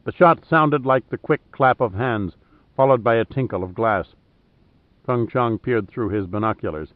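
A man narrating a thriller audiobook in a steady, measured way. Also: mid-range voice, no echo. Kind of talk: scripted narration. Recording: dry, tinny phone-like sound.

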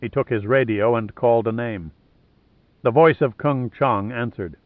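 A man narrating a novel in a measured, even reading. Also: on the low side, dry recording. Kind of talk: scripted audiobook narration. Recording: narrow phone-like sound.

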